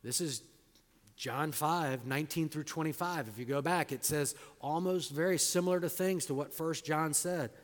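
A man preaching an expository sermon, stressing words loudly and dropping to quiet, low endings, sometimes drawing single words out slowly. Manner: emphatic, swings between loud stresses and quiet low endings; drawn-out slow emphasis on key words. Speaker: pastor. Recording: long hall reverb.

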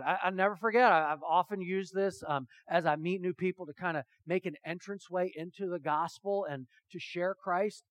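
Pastor type, male, high-pitched, earnest questioning sermon delivery, dry mic. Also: moderate pace, hardly any pauses, fairly bright tone, dry recording. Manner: earnest, questioning, acts out dialogues. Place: church hall with audience.

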